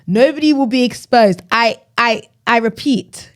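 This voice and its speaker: A woman co-hosting a podcast in casual chat, talkative and dramatic, fond of teasing. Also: a little high. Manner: chatty, dramatic, quick to tease. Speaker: podcast co-host.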